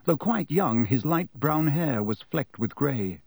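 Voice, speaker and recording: Expressive male audiobook narrator. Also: fairly high pitch, slow, slightly rough, no room sound. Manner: expressive storytelling delivery. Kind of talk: scripted narration.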